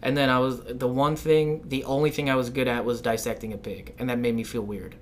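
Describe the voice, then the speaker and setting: A man's voice: mid-range voice, fairly even intonation, a little fast. A young man co-hosting a podcast, telling rambling stories in loose, casual chat and swearing often. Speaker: podcast co-host.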